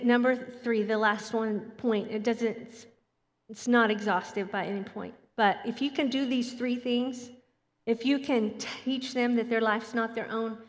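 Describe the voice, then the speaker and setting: A woman preaching a Sunday sermon in an animated way, acting out children's voices as she goes. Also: fairly high pitch. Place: church hall. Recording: long hall reverb.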